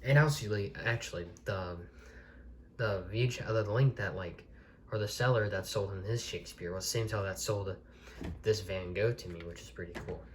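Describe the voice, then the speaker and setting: A man's voice: lowish voice, normal speed, a little hiss or hum. A man reviewing a collectible video tape from the desk in his bedroom, talking casually and rambling with many restarts.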